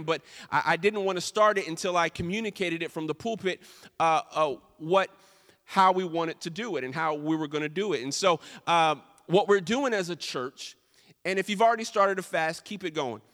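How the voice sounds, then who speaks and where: Male pastor, high bright voice, emphatic sermon with repeated phrases, echoey church hall. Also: normal speed. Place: church sanctuary.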